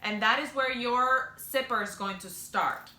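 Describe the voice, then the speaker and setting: A chatty young woman walks through a sewing tutorial in an upbeat, self-correcting way. Her voice is bright and a bit edgy, and the room around her rings with echo and faint noise. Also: on the high side, a little slow. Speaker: sewing instructor.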